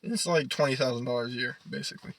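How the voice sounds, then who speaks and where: A man's voice: medium pitch, big pitch swings, fast talker, fairly bright tone, no echo, low-quality recording. A young man co-hosting a podcast in casual chat, rambling, swearing and laughing often. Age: young adult. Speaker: podcast co-host.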